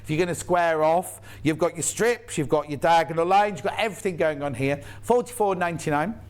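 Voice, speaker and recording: A man's voice: fairly high pitch, fairly quick, clean tone. A man presenting on a live TV shopping channel in a TV studio, chatting and rambling with jokey asides while he sells. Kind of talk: live TV sales chat.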